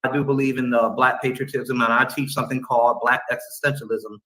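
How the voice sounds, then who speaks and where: A man speaks in a debate clip, laying out his views in a calm, deliberate way with formal wording. His tone is bright and clear. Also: medium pitch, rough recording. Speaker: debate guest. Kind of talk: measured debate speech in a played clip.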